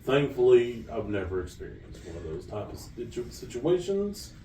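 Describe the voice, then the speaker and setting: A man's voice: medium pitch, big pitch swings, moderate pace, warm tone. A man co-hosting a podcast, chatting casually with dry, wry reactions. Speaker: podcast co-host. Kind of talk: casual chat. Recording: roomy echo, mic far off, faint room noise.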